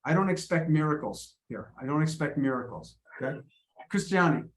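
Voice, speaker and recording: A man's voice: fairly high pitch, expressive, a little fast. A man teaching English in an online video class, encouraging and often repeating his words as he coaches students. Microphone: video call.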